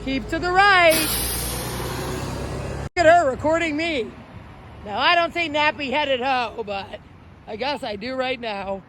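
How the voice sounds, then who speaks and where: A high-pitched woman rambles flamboyantly into her phone while she walks a downtown street at night. She jumps from one topic to the next in a loose, unscripted livestream. A faint hiss of street noise sits behind her voice. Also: a little slow, fairly bright tone.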